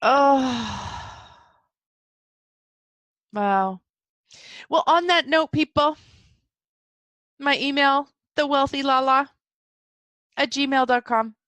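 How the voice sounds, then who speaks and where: A woman hosting a solo self-help podcast who talks excitably and jumps up high in pitch when she quotes her own thoughts. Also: slow pace, long pauses, no echo. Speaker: podcast host.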